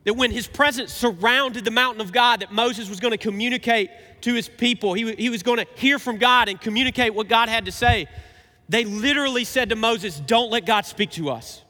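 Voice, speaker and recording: A man in his thirties preaching a sermon, swinging between emphatic and quiet, reflective passages. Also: very high voice, a little fast. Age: 30s. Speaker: pastor. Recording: reverberant hall.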